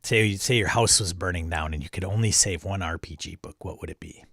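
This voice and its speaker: A man's voice: sits low, fairly quick, a bit bright, no room sound, studio quality. A man hosting a livestream, casually chatting and greeting viewers by name as he reads their comments. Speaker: livestream host reading chat. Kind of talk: casual chat.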